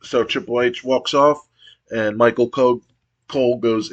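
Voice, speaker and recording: A man's voice: medium pitch, steady tone, a little slow. A man narrating a wrestling sim playthrough as a game streamer, giving a play-by-play recap with casual asides.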